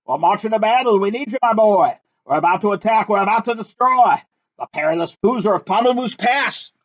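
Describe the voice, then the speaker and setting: A pompous storybook general booms out slow, drawn-out orders in a high, strained voice, as a man reading aloud puts him on. The recording sounds dull and lo-fi. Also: expressive. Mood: commanding. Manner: booming barked commands. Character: blustering pompous male army general.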